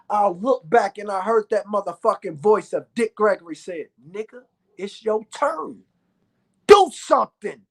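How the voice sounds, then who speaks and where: A man's voice: high voice, breathy edge. A man delivering a boastful, profane vlog rant, repeating his lines for emphasis. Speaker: vlogger. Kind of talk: ranting vlog monologue.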